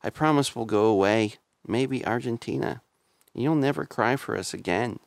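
A man's voice: mid-range voice, normal speed, vocal fry, no room sound, voice pushed up, close to an everyday voice. A man voicing a lonely hulking male creature who pleads with his maker, in a comic retelling. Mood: bargaining. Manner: pop lyrics as dialogue. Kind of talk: comic storytelling.

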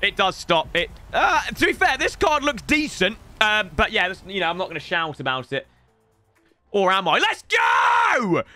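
A young gaming creator narrates pack openings in a bright, high, very animated voice. He chatters and rambles, then breaks into loud shouts when a good card drops. Faint music plays behind him. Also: normal speed, hardly any pauses. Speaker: gaming YouTuber. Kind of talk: excited pack-opening commentary.

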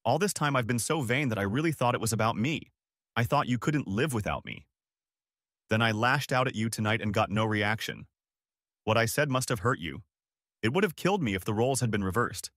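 A man voicing a distraught adult wife in an audiobook story, speaking in a higher, strained, pleading voice. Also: expressive, fairly quick, fairly bright tone, no room sound, clean studio sound. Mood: resigned. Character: distraught wife, adult woman, remorseful and tearful.

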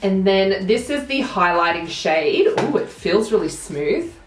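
A woman's voice: mid-range voice, lively intonation, measured pace, echoey room, faint music behind. A young woman with a blocked nose, chatting through a makeup tutorial as she applies each product. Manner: chatty, narrating each step as she works. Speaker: beauty vlogger.

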